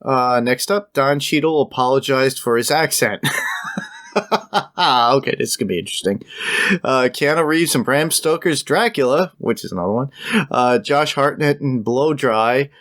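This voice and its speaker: A man's voice: mid-range voice, normal speed, a bit bright. A man co-hosting a film podcast, reading trivia items aloud and adding his own asides. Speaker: podcast co-host. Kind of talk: casual film review chat.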